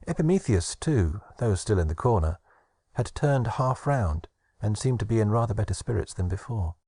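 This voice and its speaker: Low mellow male storybook narrator. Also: animated, normal speed, slightly rough, dry recording, clean studio sound. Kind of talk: audiobook narration.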